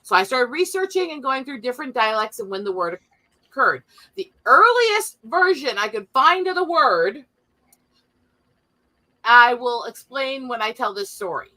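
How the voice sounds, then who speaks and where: A woman's voice: a little high, big pitch swings, unhurried, sharp tone. A woman in her forties, co-hosting a livestream, telling a story in casual chat, laughing often and swearing freely. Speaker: podcast co-host.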